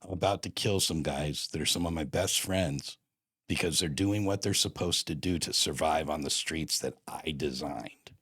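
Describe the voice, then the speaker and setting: A man's voice: rumbling low, moderate pace, fairly bright tone, husky, dry recording, clean studio sound. A man giving a blunt personal testimony in casual street talk, acting out old phone calls line by line. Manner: blunt street slang, acts out phone dialogue.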